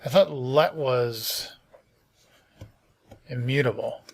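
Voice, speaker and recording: A middle-aged man hosting a casual programming stream, tired and yawning, reading documentation aloud and thinking out loud with many fillers and restarts. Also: mid-range voice, slow pace, creaky. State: sleepy, yawning.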